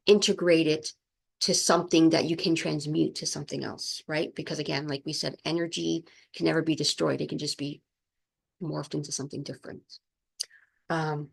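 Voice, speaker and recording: A woman hosting a spiritual energy talk, speaking softly and flowingly, often checking in with "right?", moved close to tears. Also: low voice, gravelly. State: emotional, near tears. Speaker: spiritual channel host.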